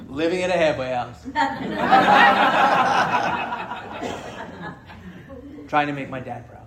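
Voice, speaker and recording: A man's voice: fairly high pitch, big pitch swings, drawn-out words, long pauses, very noisy. A man sharing his story at a recovery meeting, frank and joking, swearing freely as he speaks to the group. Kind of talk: candid personal testimony to a group. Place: meeting room with an audience. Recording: roomy hall echo.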